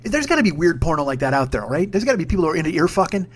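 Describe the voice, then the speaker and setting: A man's voice: fairly high pitch, sing-song, racing, slightly rough. A man in his forties hosting a casual solo podcast from home, rambling, swearing and mocking himself. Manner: profane, rambling, self-mocking. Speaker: podcast host. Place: home room with a humming ceiling fan. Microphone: sock-covered mic, speaking a bit back from it.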